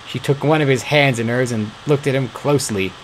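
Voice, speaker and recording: A man's voice: medium pitch, fairly quick, slight background noise, low-quality recording. A man reading a fan story aloud, stumbling and correcting himself now and then. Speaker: fan-fiction reader.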